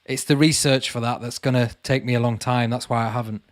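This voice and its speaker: On his casual livestream, a man reads viewer comments aloud and responds chattily, calling everyone "mate." He talks fairly quickly with a medium pitch and fairly even intonation, and there's no echo.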